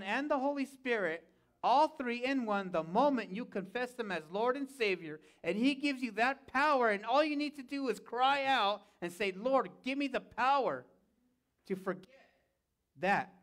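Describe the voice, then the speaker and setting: High-voiced man preaching a sermon. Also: fairly bright tone. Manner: preaching with repeated calls of "Amen?" to the congregation. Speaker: pastor. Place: church sanctuary.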